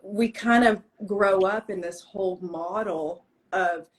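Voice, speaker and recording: A woman's voice: mid-range voice, slow, rough recording. Chatty middle-aged woman attorney guest. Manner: chatty, earnest, animated storyteller. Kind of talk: casual podcast conversation.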